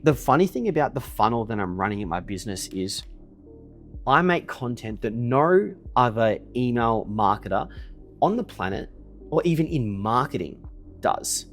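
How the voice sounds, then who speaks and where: A man's voice: mid-range voice, sing-song, normal speed, faint music behind. A man, boasting and swearing in a casual monologue to camera from his desk, ending points with a pushy "okay?". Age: 20s. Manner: boastful and profane, keeps tagging "okay?". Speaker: email marketing business owner. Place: indoors at his desk in a villa.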